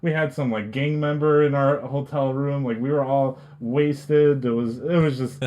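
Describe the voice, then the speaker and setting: A man's voice: medium pitch, steady tone, moderate pace, darkish tone. Rambling young man telling a story. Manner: rambling, full of "like" and restarts. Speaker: podcast guest, esports coach. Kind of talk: casual storytelling.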